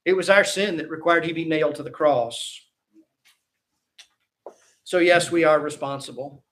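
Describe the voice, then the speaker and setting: High, bright-voiced preacher acting out scenes. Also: male voice, normal speed. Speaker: pastor. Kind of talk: sermon. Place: church.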